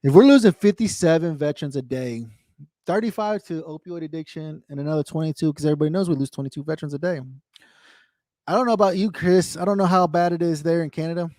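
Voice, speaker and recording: A man's voice: fairly high pitch, fast, dark tone, dry recording, studio quality. Earnest, rambling American man host. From United States. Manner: earnest, rambling, repeats himself. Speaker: host of a veterans' radio show. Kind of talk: candid casual talk to a co-host.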